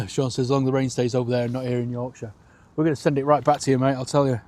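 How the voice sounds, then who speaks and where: A man's voice: mid-range voice, flat delivery, quick pace, a little mellow. A man hosting a live plane-spotting stream outdoors at an airport, calling arrivals and departures and chatting with viewers' comments.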